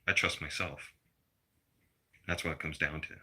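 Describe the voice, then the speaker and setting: A middle-aged man vents to his viewers in a blunt, profane rant. His voice sits low yet cuts through with a sharp, very bright edge. He talks like he is lecturing, plain and unpolished. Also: steady tone, a little slow, slightly rough. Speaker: vlogger. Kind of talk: personal rant to camera.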